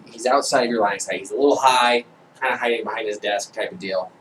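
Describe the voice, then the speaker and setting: A man narrating a tabletop role-playing game as game master, describing scenes slowly with frequent hesitations. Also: fairly low pitch, a bit bright. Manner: slow, hesitant description with fillers. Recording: distant mic with faint background noise.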